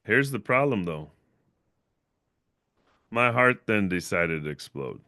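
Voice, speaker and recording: This young livestream host and channel owner meanders through a lengthy personal tale, repeating things and ending sentences with "right?". He speaks slowly in a lowish, expressive voice that comes across bright and forceful. The studio-quality audio carries no echo.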